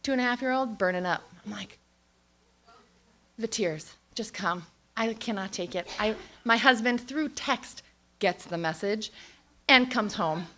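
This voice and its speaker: Woman, thirties, bright crisp voice, candid lively storyteller. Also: a little high. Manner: candid and lively, acting out her own reactions. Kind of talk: personal storytelling.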